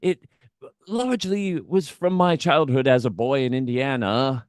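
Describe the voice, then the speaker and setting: A man improvising a podcast guest, fussy and halting, quick to take offense. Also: medium pitch, clean tone, no echo, clean studio sound.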